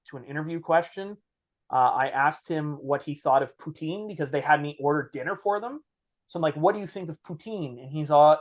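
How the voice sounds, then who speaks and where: Lively man telling podcast stories. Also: a little high. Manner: animated storyteller, acts out quotes. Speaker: podcast host. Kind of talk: casual chat.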